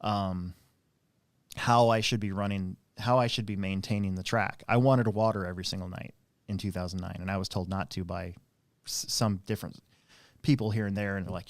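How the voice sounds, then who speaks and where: A man's voice: deep voice, fairly even intonation, a little fast, dry recording. A man hosting a casual live stream, telling long rambling stories about racing with plenty of fillers and restarts. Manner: rambling anecdotal storyteller, many fillers. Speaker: host and RC track operator.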